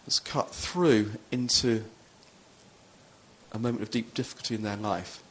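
A man's voice: fairly low pitch, measured pace, a bit bright, breathy edge. A man, a pastor, preaching a sermon in a loose, conversational storytelling way with frequent restarts.

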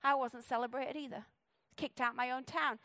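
A woman preaching a sermon in a church. She talks fast and sounds playful and full of energy. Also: high-pitched, fairly even intonation, bright, forceful tone, dry recording. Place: church stage.

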